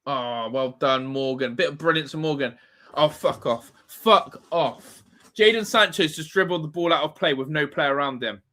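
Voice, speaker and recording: A man's voice: a little high, normal speed, pushed and bright. A man hosting a live football watch-along, ranting and swearing in exasperation at his team. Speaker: fan channel host.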